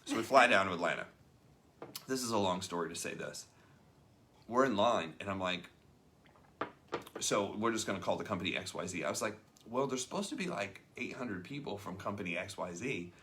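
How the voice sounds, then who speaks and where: A man's voice: fairly low pitch, animated, fairly quick, pauses often, pushed and bright, slight background noise. A man hosting a casual talk show, telling a story and acting out the people in it. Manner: chatty storyteller acting out quoted voices. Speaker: host. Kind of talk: casual chat about a leadership book.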